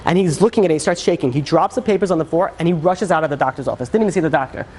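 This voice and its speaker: A man, a rabbi, telling a dramatic story in a sermon, with lively, conversational storytelling that swings into character voices. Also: very fast. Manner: animated storyteller, acts out characters with shifts in pitch; conversational, many fillers.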